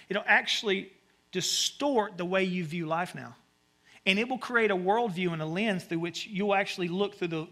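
A man with a Southern US accent, preaching a conversational sermon with sudden animated asides. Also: high-pitched. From American South. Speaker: pastor.

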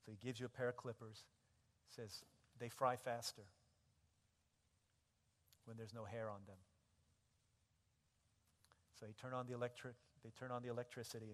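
A male pastor delivers his sermon as a gripping story, his voice sitting at an ordinary middle pitch. He moves between quiet, intimate narration and loud, impassioned cries. The sound rings out through a large hall with a long reverb tail. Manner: dramatic storytelling, builds to loud impassioned shouting.

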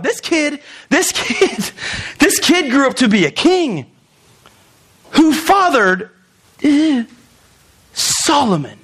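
Male pastor, middle-aged, high voice, casual joking sermon delivery with frequent restarts. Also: very animated, slow pace, long pauses, a bit bright. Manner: conversational and joking, with laughs and asides; restarts and repeats words.

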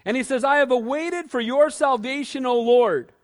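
Casting: male pastor with a strikingly high voice, lively, chatty sermon delivery. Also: normal speed. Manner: lively, conversational preaching, asks the listeners questions.

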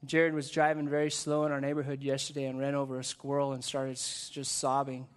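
A man preaching a sermon in a conversational way, asking rhetorical questions and dropping soft and slow on solemn points. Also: medium pitch, monotone, smooth. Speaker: pastor.

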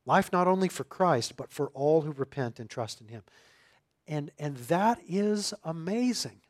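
A man's voice: a little high, expressive, measured pace. Emphatic man preaching a sermon. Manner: emphatic, swelling louder on key phrases. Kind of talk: expository sermon.

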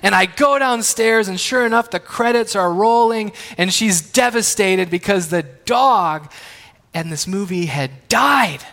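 A man's voice: high voice, unhurried, gravelly, fairly bright tone. A man in his thirties preaching, telling family stories in a conversational, joking way and asking the audience questions. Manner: conversational, self-deprecating, asks the audience questions. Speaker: pastor. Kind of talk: sermon with family anecdotes. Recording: long reverb of a large hall.

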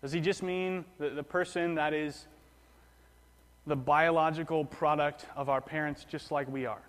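A male pastor preaching a sermon in a relaxed, conversational way, often repeating and restarting phrases. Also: on the high side, moderate pace, long reverb tail.

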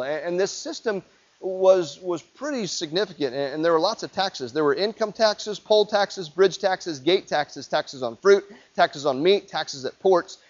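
A male preacher tells his sermon like a story, in a conversational way, and keeps asking his listeners questions. His voice is high for a man. The recording sounds dull and lo-fi. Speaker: pastor.

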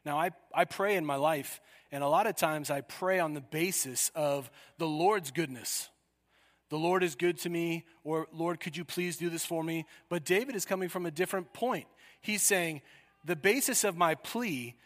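Man, sermon, storytelling, sudden loud cries, slightly high voice, long hall reverb. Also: normal speed. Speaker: preacher.

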